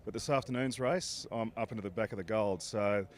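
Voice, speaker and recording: An Australian racing pilot with a lowish voice answers interview questions outdoors at an air race, speaking a little fast. He's laid-back, with dry humor. Faint outdoor noise sits in the background.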